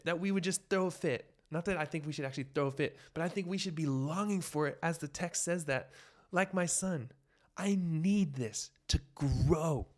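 A young man hosting a devotional podcast, teaching from the Bible in an earnest, emphatic way that builds to bursts of excitement. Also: a little high. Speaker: podcast host sharing a devotional.

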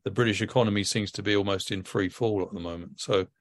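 A man giving political commentary as a podcast guest, measured and hedging his points. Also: on the low side, steady tone. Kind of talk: political commentary in casual chat.

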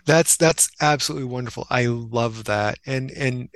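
Speaking as a guest, a man who works as a Christian minister and writer tells stories earnestly and reflectively, easing his pace when he wants to stress a point. He has a mid-range voice with a fairly bright tone, captured in a dry recording.

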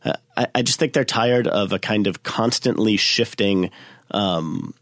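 A man speaks low and unhurried as a podcast guest, building a measured argument and pausing on fillers as he works out his point. His voice sits close and dry on the mic, with no room sound around it. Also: a bit bright, dry recording. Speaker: podcast guest, magazine writer. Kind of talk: casual political discussion.

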